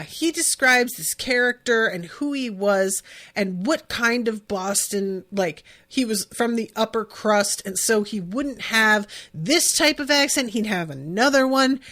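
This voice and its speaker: A woman's voice: fairly high pitch, a bit bright. A young woman hosts a casual podcast recap. She talks in a loose, rambling way, full of fillers and restarts. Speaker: podcast host.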